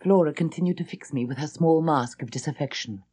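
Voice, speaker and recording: A woman reading a classic ghost story aloud, with an intense, expressive storytelling manner. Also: sits low, a little fast, slightly rough. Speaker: audiobook reader. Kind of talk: dramatic audiobook narration.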